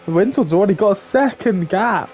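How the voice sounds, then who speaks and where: A man giving quick, excitable play-by-play commentary on a sim race, often correcting himself. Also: high-pitched, highs cut off.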